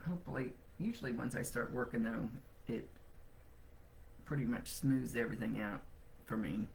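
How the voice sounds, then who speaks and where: Gravelly, blunt woman livestreaming from home. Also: extremely low pitch, moderate pace, darkish tone. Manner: blunt, grumbling, swears freely. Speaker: psychic medium hosting a weekly livestream. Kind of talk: casual live-stream chat.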